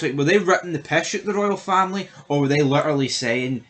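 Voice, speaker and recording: A man's voice: a little high, expressive, normal speed, fairly bright tone. Exasperated Scottish man ranting. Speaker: show reviewer. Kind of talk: casual podcast review chat.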